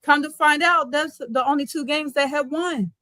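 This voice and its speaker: A young woman, a basketball coach, telling her story in a casual, colloquial way during an interview, animated and laughing often. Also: sits high, moderate pace, dry recording. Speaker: guest, head basketball coach.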